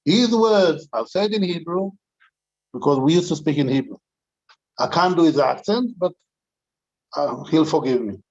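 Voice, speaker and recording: Older rabbi guy spinning a long anecdote, slightly high voice, kinda muffled lo-fi sound. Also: animated, normal speed, long pauses, a little mellow. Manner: anecdotal, with frequent restarts. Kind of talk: storytelling talk to a community gathering.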